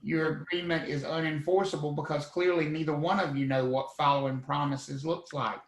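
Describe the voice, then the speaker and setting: A man's voice: on the high side, steady tone, normal speed, echoey room, slight background noise, lightly acted, rough recording. A man voicing an exasperated judge who bluntly dismisses a case. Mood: fed up.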